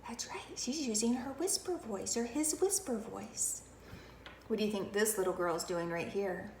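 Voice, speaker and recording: A woman's voice: medium pitch, normal speed, darkish tone, slight background noise. A woman teacher demonstrating a classroom routine, speaking as if to young children and switching between a full voice and a whisper. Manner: speaks to camera as if to young children, with emphatic questions and praise. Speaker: kindergarten teacher. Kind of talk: instructional demonstration. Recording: roomy echo with faint ambience.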